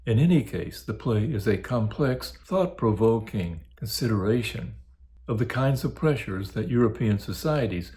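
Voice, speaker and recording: Measured low-voiced male lecturer. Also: lively intonation, darkish tone. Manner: measured, academic. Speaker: course instructor. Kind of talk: recorded lecture.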